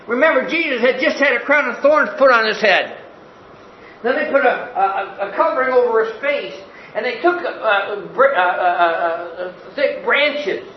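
A man's voice: very high voice, roomy sound, lo-fi sound, slight background noise. A man in his sixties preaching a sermon, an earnest pastor who tells stories vividly. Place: church sanctuary.

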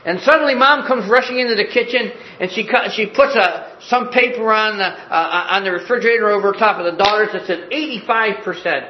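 A man's voice: high voice, fairly quick, hardly any pauses, roomy sound, highs cut off, slight background noise. A man in his sixties preaching a sermon, an earnest pastor who tells stories vividly. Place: church sanctuary.

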